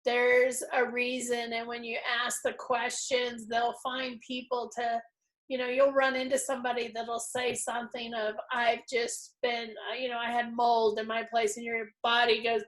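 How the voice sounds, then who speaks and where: A woman's voice: on the high side, monotone, moderate pace, a bit bright. A middle-aged woman hosting a casual spiritual interview, effusive and openly emotional. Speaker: host.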